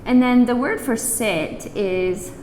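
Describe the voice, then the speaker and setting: A woman gives a language lesson at an unhurried pace, repeating each word patiently for her learners. Her voice carries a long, roomy reverb, as if recorded from some distance in a classroom, with faint room noise behind her. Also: on the high side, a little mellow. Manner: patient, repeats words slowly for practice. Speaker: language teacher. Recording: roomy echo, distant mic.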